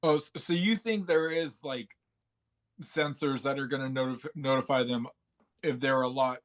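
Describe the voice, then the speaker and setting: A man's voice: mid-range voice, moderate pace. Hesitant man thinking aloud about a movie. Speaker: podcast co-host. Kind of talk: casual movie discussion.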